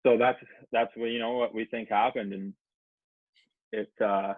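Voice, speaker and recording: A man's voice: lowish voice, little pitch movement, unhurried. A man rambling through a wild anecdote, swearing freely and acting out both sides of each exchange. His voice comes through thin and phone-like, with a close, dry sound and no room echo. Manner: profane, rambling anecdote with acted-out quotes. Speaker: podcast guest. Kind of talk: casual storytelling chat.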